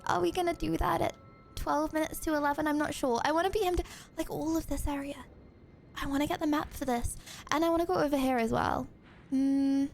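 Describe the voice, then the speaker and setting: A young woman streaming a game, chatty and excitable, talking to her chat with sudden yelps and shouts. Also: sits high, a little fast, vocal fry, a little hiss or hum. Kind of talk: live gameplay commentary.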